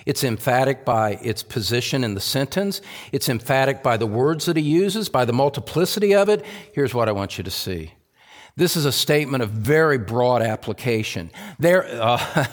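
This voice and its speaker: A man preaching a sermon as pastor, emphatic, repeating key phrases and swinging from loud climbs to low, quiet drops. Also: animated, normal speed.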